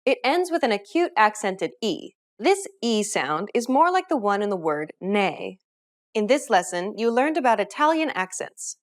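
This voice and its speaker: Woman, scripted lesson narrator, clear and instructive, animated delivery. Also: mid-range voice, moderate pace. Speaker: language teacher.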